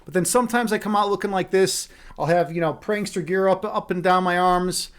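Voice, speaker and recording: A man with a fairly high voice chats loosely to his live-stream viewers from home. He rambles in a friendly, playful way, often restarting his sentences as he goes, recorded on a webcam mic. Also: a little fast, clean tone. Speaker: livestream meditation host. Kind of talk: casual live-stream chat.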